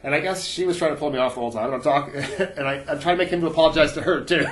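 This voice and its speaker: Fast-talking man, laughing stories. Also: fairly high pitch, roomy sound, crowd noise. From Canada. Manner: profane, laughs through his stories. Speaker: podcast guest, former fighter and prison guard. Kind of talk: casual storytelling.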